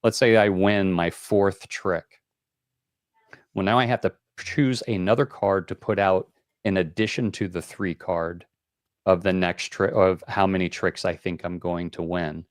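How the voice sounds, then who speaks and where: A man's voice: low-pitched, steady tone, measured pace, no echo, clean studio sound. A man hosting a board game call-in show, explaining rules in a rambling, casual way with many fillers.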